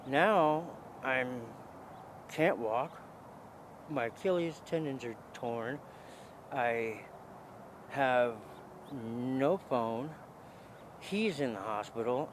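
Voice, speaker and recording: A man's voice: mid-range voice, background noise. A man casually telling his own story, rambling along with many restarts and a lot of "dude".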